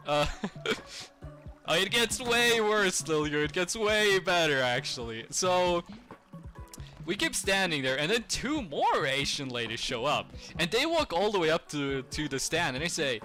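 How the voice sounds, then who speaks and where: A young man streamer telling a rambling, animated story to his chat, laughing often. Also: a little high, moderate pace, soft background music. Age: young adult.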